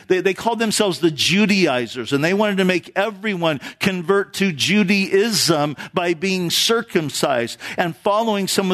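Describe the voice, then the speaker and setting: A man's voice: high-pitched, a bit bright. A male pastor preaching a sermon in church, talking with the congregation through rhetorical questions.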